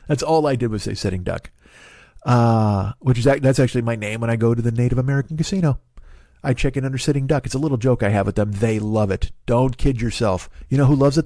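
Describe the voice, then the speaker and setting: Profane rambling comedian, dry close sound. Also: male voice, mid-range voice, warm tone, no echo. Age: 40s. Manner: profane, digressive, self-interrupting. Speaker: podcast host.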